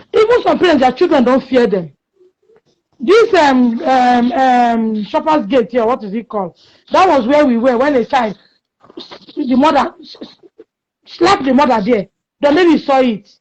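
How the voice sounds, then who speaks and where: A woman's voice: sits high, darkish tone. A Nigerian woman giving passionate opinion talk, scolding and emphatic, with pidgin phrases mixed in, on a muffled lo-fi recording.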